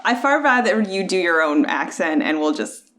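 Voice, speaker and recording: A woman's voice: fairly low pitch, sing-song, moderate pace, a bit bright. A woman co-hosting a podcast in casual chat, opinionated and full of "like" fillers. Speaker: podcast co-host.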